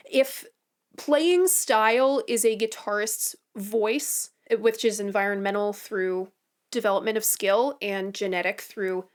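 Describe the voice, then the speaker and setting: A woman guest on a podcast who talks about music in a measured, thoughtful way, building comparisons. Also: mid-range voice, clear, resonant tone. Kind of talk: casual music discussion.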